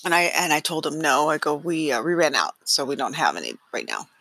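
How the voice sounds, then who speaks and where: A middle-aged woman hosts her own podcast and tells a family story in a loose, chatty monologue, laughing often and restarting sentences. Her voice is bright and a little breathy. The recording is close and dry. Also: sits low, expressive, a little fast, dry recording. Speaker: podcast host.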